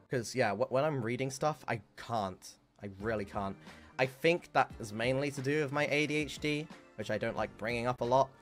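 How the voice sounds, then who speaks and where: A young man streamer telling a school story in casual, rambling chat, full of fillers. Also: mid-range voice. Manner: rambling, filler-heavy, animated retelling.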